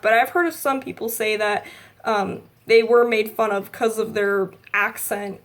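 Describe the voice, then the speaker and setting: A woman, chatting casually to camera in a rambling vlog full of likes and ums. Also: a little high. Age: 20s. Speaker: vlogger.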